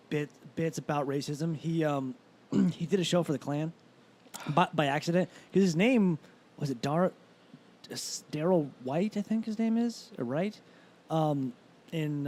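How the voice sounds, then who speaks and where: A man's voice: fairly high pitch, normal speed, a little hiss or hum. A man in casual podcast chat, telling long, rambling stories and swearing often. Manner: rambling animated storyteller who swears often.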